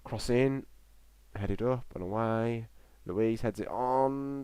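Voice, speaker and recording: A man's voice: mid-range voice, takes it slowly, mellow, clean tone, no echo. A young man giving live, chatty football reaction commentary on a stream, rambling between play calls and chat replies.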